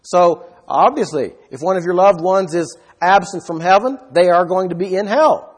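A man's voice: sits high, moderate pace, breathy edge. A man preaching a sermon with emphasis, often putting questions to his listeners.

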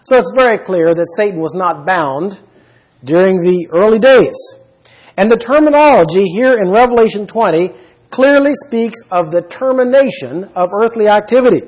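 Delivering a Bible teaching sermon, this preacher speaks emphatically at a moderate pace in a high, husky, slightly mellow voice with lively intonation. He stops to ask his listeners questions and lists scripture references in a row, and the audio quality is poor.

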